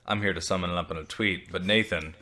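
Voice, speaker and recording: A man's voice: deep voice, fairly even intonation, fast talker, pushed and bright. A man co-hosting a podcast from home, chatting casually with jokes, self-mockery and casual swearing. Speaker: podcast co-host. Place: home, dog on the couch beside him.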